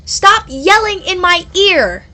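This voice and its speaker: A woman's voice: very high-pitched, very animated, takes it slowly, pushed and bright, voice pushed up, full character voice. A woman voicing Ada, a sarcastic young adventurer. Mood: annoyed. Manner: sarcastic and exasperated. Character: brave, blunt young woman adventurer, annoyed by magic.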